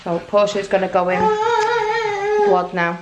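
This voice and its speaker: A woman's voice: lowish voice, level tone, unhurried, dull audio. A woman in her forties chatting casually to camera for a family vlog, rambling on to her viewers. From England. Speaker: family vlogger. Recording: echoey room with background noise.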